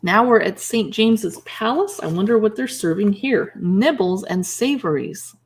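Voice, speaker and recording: A woman hosts a relaxed livestream and flips through a cookbook, reading recipe names aloud and adding quick comments between them. Her voice sits at an ordinary middle pitch. She chats easily and stops to greet viewers and answer their messages. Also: breathy edge. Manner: chatty, reads dish names aloud and reacts with short remarks. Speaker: livestream shopping host. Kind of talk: casual livestream chat, reading recipe titles.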